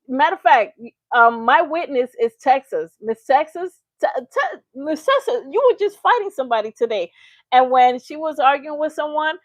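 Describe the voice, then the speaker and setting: A woman hosting a live reaction stream, speaking with emphasis and shouting out her viewers by name. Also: mid-range voice, dry recording. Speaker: livestream host.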